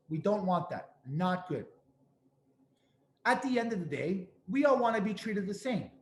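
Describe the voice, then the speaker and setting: A man's voice: high voice, darkish tone. A man gives direct, earnest advice, leaning hard on the points he keeps repeating. His voice rings in an echoey room with a faint hum of ambient noise. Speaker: host and speaker on restaurant accessibility.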